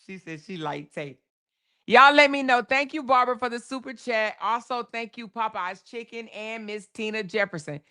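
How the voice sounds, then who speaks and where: A woman hosts a live stream in a loose, chatty way, stretching out words and laughing easily as she talks to her viewers. Her voice is bright and forward. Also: on the high side, expressive, moderate pace. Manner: chatty, drawls names, reads super chats aloud, laughs often. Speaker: livestream host. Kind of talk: casual live chat with viewers.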